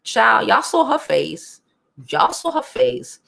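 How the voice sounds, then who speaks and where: A young woman, hosting a casual live stream, talking bluntly and profanely, animated, and reading chat comments aloud. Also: on the high side, slow pace, creaky.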